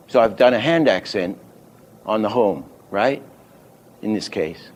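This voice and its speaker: An older man teaching animation, unhurried and thinking aloud, often stopping to act out a line reading. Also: on the low side, animated, darkish tone. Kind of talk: teaching lecture.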